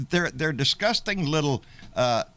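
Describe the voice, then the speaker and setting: A middle-aged man rants on a live stream, profane and taunting. His voice is bright and sharp, and it swings widely between low growls and raised jeers, sitting a little high for a man. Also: animated, slow pace. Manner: profane, taunting, shouting insults. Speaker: live show host. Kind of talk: angry live-stream rant.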